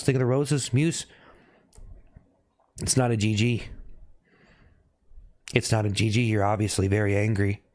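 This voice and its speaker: A male streamer who keeps prodding his viewers with the same mocking questions over and over. His voice sits at a middling pitch, and he suddenly breaks off into high yelps. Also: vocal fry, darkish tone. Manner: teasing, repetitive needling questions. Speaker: live streamer. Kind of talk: live stream chat banter.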